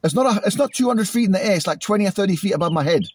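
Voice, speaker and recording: A British man venting angrily in a vlog, repeating himself and imitating loud bangs, recorded outdoors. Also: high-pitched, lively intonation, very fast, a little hiss or hum. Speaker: vlogger. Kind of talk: agitated monologue to camera. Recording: outdoors in a cemetery.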